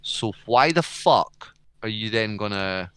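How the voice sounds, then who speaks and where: A man's voice: on the low side, animated, slow pace, fairly bright tone, clean tone, no echo, studio quality. A man co-hosting a podcast in casual chat, swearing heavily and ranting with frequent laughs. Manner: profane, ranting, laughs often. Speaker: podcast co-host.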